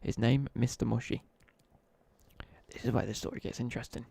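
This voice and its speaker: Gravelly young man with a Midlands accent. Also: medium pitch, fairly even intonation, fairly quick, warm tone, dry recording, whispered. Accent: English Midlands. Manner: rambling slangy storytelling, chatting to viewers. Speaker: live streamer. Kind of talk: casual chat while gaming.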